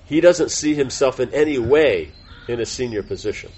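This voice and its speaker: A man's voice: mid-range voice, expressive, moderate pace, darkish tone, slight background noise. A man teaching a devotional class in an informal, rambling way, full of fillers and self-corrections. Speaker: spiritual teacher giving a class.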